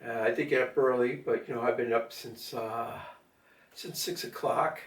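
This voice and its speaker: A man's voice: mid-range voice, fairly even intonation, normal speed. An older man talking casually at home in a rambling monologue, with lots of fillers and asides to his cat. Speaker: vlogger. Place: at home during a power outage. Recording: roomy echo, mic at a distance.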